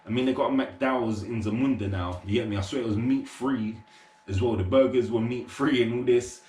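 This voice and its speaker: A man's voice: mid-range voice, a little fast, mellow. A young man casually reviewing a movie, rambling with lots of fillers and street slang. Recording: roomy echo.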